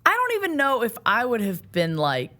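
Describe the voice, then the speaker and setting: A woman's voice: fairly high pitch, wildly swooping pitch, moderate pace, sharp tone. A woman co-hosting a podcast, chatting casually with a teasing edge. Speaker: podcast co-host. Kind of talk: casual chat.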